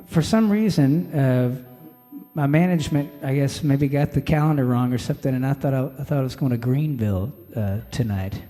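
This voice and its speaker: A man's voice: medium pitch, fairly quick, dark tone. Easygoing man chatting from a live stage. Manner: rambling, easygoing storytelling, filler words and "man". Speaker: singer-songwriter performing live. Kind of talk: stage banter between songs. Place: live music venue stage. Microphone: stage vocal mic. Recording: reverberant live venue with music. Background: guitar.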